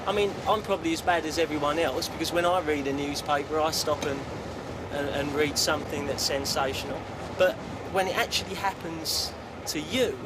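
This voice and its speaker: A football supporter speaking in a reflective, earnest way. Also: male voice, a little high, steady tone, normal speed. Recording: street noise outdoors.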